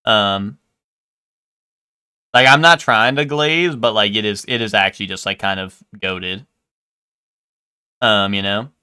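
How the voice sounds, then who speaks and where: A man's voice: fairly low pitch, takes it slowly, pauses often, sharp tone, clear, resonant tone. A young man streaming a game live, talking in a rambling, casual way with lots of swearing and "like". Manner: rambling, swears a lot, full of "like".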